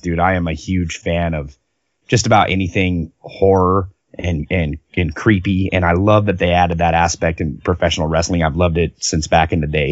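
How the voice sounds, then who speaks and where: A man's voice: sits low, dry recording, highs cut off. A man hosting a podcast who chats casually, swears a lot and praises his guest with enthusiasm. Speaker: podcast host. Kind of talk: casual interview chat.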